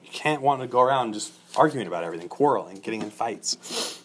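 A man's voice: mid-range voice, lively intonation, fast, fairly bright tone. Earnest male preacher teaching scripture. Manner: earnest, repetitive, emphatic lists. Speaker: pastor. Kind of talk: expository sermon.

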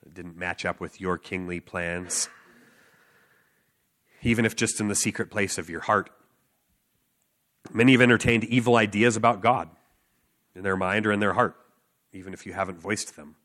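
Earnest man preaching, bright edgy voice sitting a little low, emphatic with loose fillers. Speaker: street preacher. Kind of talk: sermon with personal story.

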